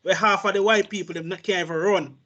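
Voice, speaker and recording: A man's voice: sits high, steady tone, quick pace, a bit bright, dull audio, slight background noise. A man in a casual group chat, speaking emphatically with patois mixed in.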